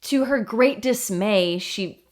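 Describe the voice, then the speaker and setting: A woman's voice: medium pitch, takes it slowly. A woman co-hosting a podcast, mostly reacting with short sympathetic interjections. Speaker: podcast co-host. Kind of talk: casual chat.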